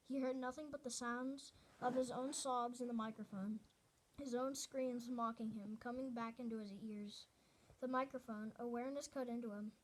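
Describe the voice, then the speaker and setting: A woman reads a novel aloud in a fairly high voice. Her delivery is earnest and unpolished, and she often stumbles, restarts and corrects herself mid-sentence. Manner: earnest reading with frequent restarts and self-corrections. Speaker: reader.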